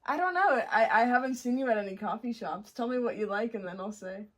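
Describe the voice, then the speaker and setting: Brisk and a little high-voiced with lively intonation, a young Montreal woman chats as an interview guest. She talks casually and easily about her favorite cafes in Montreal, Canada.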